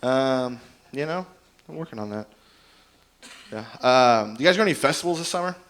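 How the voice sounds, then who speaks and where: Male stand-up comic, middle pitch, loose rambling delivery, self-deprecating, open-mic set on a stage mic. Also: expressive, a little fast, a bit bright, clean tone. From Indiana. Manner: rambling, self-deprecating storytelling with many fillers. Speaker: stand-up comedian.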